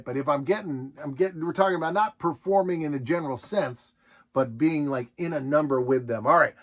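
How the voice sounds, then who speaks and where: A man hosting a casual question-and-answer video, talking in a playful, rambling way and laughing often. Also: on the high side. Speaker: host answering viewer questions. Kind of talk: casual solo Q&A chat.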